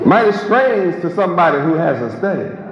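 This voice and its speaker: A man's voice: high-pitched, sing-song. Emphatic male preacher in echoey hall. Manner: emphatic, rhetorical, drawn-out words. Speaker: religious teacher. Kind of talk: sermon. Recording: echoey lo-fi hall recording with crowd.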